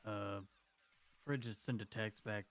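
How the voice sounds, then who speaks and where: A man playing in a tabletop game, soft-spoken and tentative. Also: lowish voice, fairly even intonation, measured pace, soft background music. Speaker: player. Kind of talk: casual chat in a tabletop game.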